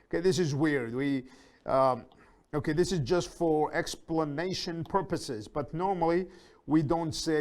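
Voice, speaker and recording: A man teaching an English grammar lesson, reading example sentences slowly and repeating them for learners, with fillers and small self-corrections. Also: a little high, darkish tone. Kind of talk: slow, deliberate lesson explanation.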